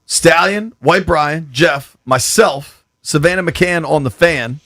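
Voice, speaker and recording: A man's voice: fairly high pitch, takes it slowly, a bit bright. A man co-hosting sports radio, teasing his colleague while running the segment. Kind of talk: casual sports radio banter. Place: radio studio.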